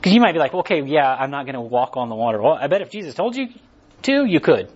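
A man's voice: on the high side, fast talker, slightly rough, muffled recording. A man preaching a casual, conversational sermon, acting out what people tell themselves. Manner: casual, animated, acts out inner voices.

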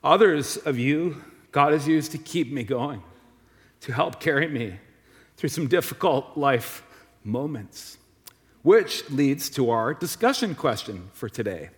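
A man's voice: medium pitch, expressive, a little slow. A man preaching a sermon as a pastor in a church, in a friendly, conversational manner with personal stories. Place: church sanctuary. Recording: long reverb of a church hall.

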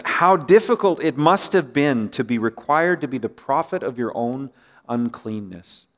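Man, pastor, conversational sermon, mid-range voice, rhetorical questions, trailing phrase endings. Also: mid-range voice.

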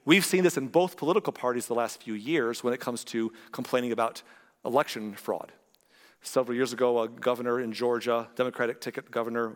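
A man preaching a conversational sermon as pastor, animated and playful, with joking asides and quick impressions of other people. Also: medium pitch. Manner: animated, joking asides, acts out quoted voices. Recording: long reverb of a large hall.

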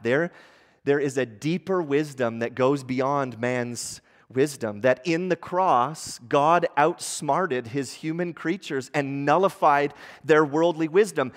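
A man preaching a sermon with animated delivery, reading aloud with rising intensity. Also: fairly high pitch, takes it slowly. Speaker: pastor. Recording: long hall reverb.

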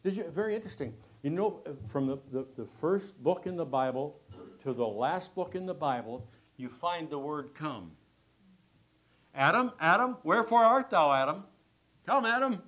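A man pastor preaching a sermon slowly, rising to loud emphatic passages and dropping to hushed, near-whispered phrases. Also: mid-range voice, slightly rough. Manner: preaching with swells of loudness and drops to near-whispers; slow, deliberate delivery.

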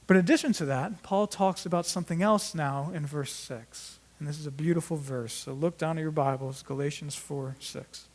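A man preaching an earnest sermon, swinging between emphatic rises and quiet drops and often restarting his words. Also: on the high side, moderate pace, few pauses. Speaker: pastor.

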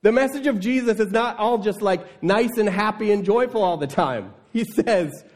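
A man's voice: high voice, animated, normal speed. A male pastor preaching a sermon in an emphatic, conversational way, often asking the congregation rhetorical questions.

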